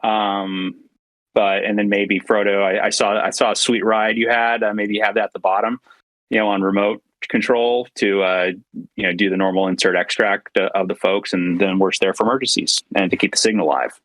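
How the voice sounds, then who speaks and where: A man in a tabletop game talking through a plan in a rambling way. His voice sits on the low side and the sound is dry. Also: steady tone, moderate pace, fairly bright tone, no room sound. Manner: rambling, filler-heavy. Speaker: player.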